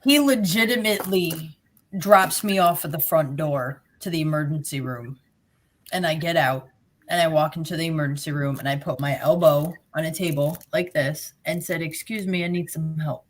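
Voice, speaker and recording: A woman's voice: low voice, moderate pace. A middle-aged woman from New Jersey with a Jersey accent, bluntly and sarcastically telling her own story as a guest. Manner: blunt, sarcastic, plain-spoken. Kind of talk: personal storytelling.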